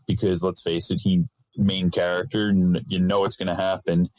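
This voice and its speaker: Young man, lowish voice, dry close sound, relaxed, hesitant, casual podcast guest. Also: moderate pace, dry recording, low-quality recording. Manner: relaxed, hesitant, with many restarts and fillers. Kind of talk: casual chat.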